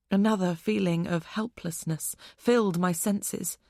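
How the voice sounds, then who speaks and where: A woman narrating a suspense audiobook in the first person with tense, measured delivery. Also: mid-range voice, expressive, no echo, clean studio sound.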